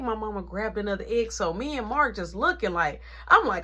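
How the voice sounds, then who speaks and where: High, animated woman telling a story. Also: normal speed, few pauses, husky. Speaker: vlogger. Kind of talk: storytime vlog.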